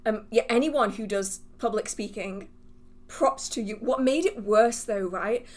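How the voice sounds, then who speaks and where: A woman's voice: medium pitch, measured pace. A woman hosting a livestream Q&A, chatting casually with viewers, laughing often and restarting her sentences as she rambles in a self-deprecating way. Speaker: livestream host answering viewer questions.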